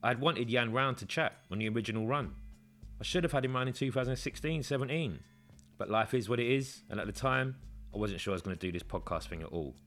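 A man's voice: medium pitch, fast, a bit bright, soft background music. A man hosting a podcast, speaking in a reflective, conversational way as he introduces an interview. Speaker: podcast host.

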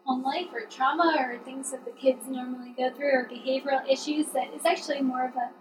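High-voiced earnest woman counselor. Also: steady tone, brisk, roomy sound, distant mic, background noise. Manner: earnest, affirming, frequent agreement. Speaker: counselor and podcast co-host. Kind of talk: casual conversational chat.

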